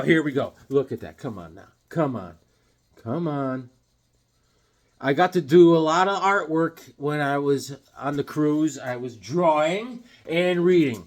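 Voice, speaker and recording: Showing off his latest comic book pickups, a middle-aged man chats casually at a measured pace in a medium-pitched voice. He's a comic collector vlogger, enthusiastic, excitable, and joking throughout.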